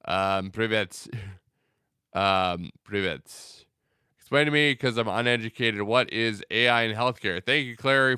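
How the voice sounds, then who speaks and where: A man's voice: fairly low pitch, pushed and bright, smooth, no echo, clean studio sound. A young man hosting a casual livestream, reading out viewer comments in a loose, rambling way with many fillers. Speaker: livestream host.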